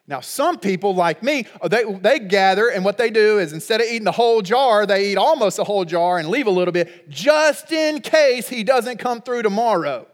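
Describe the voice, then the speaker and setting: A middle-aged male pastor preaching a sermon in a conversational, humorous way, breaking into loud, emphatic peaks. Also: sits high, lively intonation, normal speed, hardly any pauses, long reverb tail.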